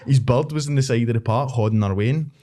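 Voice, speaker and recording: A man's voice: mid-range voice, a little fast, mellow. A Scottish man telling stories in casual, sweary podcast chat, often breaking into laughter.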